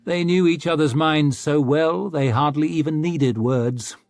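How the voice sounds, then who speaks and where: In studio-quality audio with no room sound, a man with a fairly high pitch narrates a scripted audiobook in a measured, even storytelling manner.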